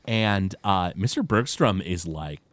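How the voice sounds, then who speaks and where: A man co-hosting a casual podcast, retelling cartoon scenes with lots of fillers and quick impressions. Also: low-pitched, expressive, no room sound. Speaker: podcast co-host. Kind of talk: casual chat recapping a cartoon episode.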